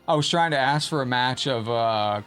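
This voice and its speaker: A man's voice: medium pitch, measured pace, fairly bright tone, a little hiss or hum. A man streaming a fighting game live, commenting on the match and chatting casually with viewers in the chat.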